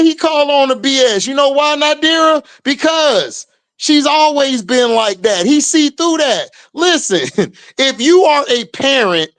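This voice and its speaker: A man's voice: very high voice, a bit bright. A man hosting a livestream, casually commenting and reacting to chat, drawling and laughing often in slangy talk. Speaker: livestream host.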